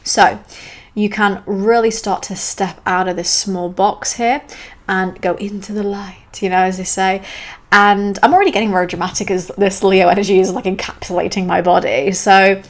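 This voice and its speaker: A woman's voice: mid-range voice, steady tone, moderate pace. A woman hosting a solo astrology podcast, talking in a chatty, enthusiastic way with self-aware asides.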